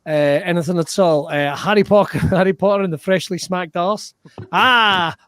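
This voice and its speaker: A high-voiced man hosts an improv show over a video call, laughing often and swearing in fun. His voice is close and dry, with no room sound. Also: normal speed, fairly bright tone, clean tone, no room sound. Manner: giggly, swears playfully. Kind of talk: casual online improv show hosting.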